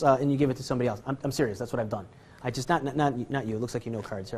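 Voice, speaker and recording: A man's voice: mid-range voice, rapid-fire, darkish tone, a little hiss or hum. A man teaching card magic in a casual demonstration, rambling, jokey and self-deprecating, chuckling often. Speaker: magic instructor. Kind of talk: casual card-trick tutorial.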